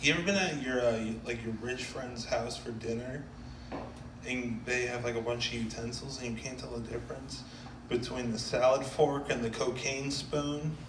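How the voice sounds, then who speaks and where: A man doing a stand-up set in a club, telling crude jokes in a deadpan way. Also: mid-range voice, moderate pace, background noise. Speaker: stand-up comedian. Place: comedy club. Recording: echoey club from a distance.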